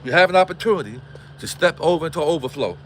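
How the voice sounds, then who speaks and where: This livestream host from Gary, Indiana, delivers an impassioned monologue, preaching with repeated rhetorical questions and swearing. His voice is a little high, with lively intonation and a quick pace, over a slight hiss or hum.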